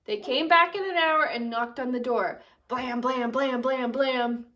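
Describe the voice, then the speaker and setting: Bright storytelling teacher, woman. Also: high-pitched, a little slow, far from the mic. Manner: animated storytelling with expressive character voices. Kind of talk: reading a picture book aloud to children.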